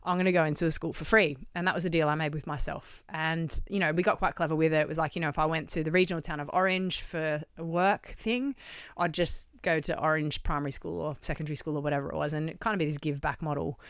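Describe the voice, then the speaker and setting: A middle-aged Australian woman, a charity founder, telling a long story on a podcast in a lively, anecdotal way, acting out the dialogue and swearing casually. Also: low-pitched, fast, clean tone, no room sound. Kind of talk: conversational storytelling. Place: podcast studio.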